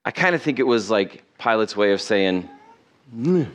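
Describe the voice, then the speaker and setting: A man's voice: medium pitch, lively intonation, moderate pace, a bit bright. A man preaching a sermon to his church in a conversational way, asking his listeners questions. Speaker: pastor.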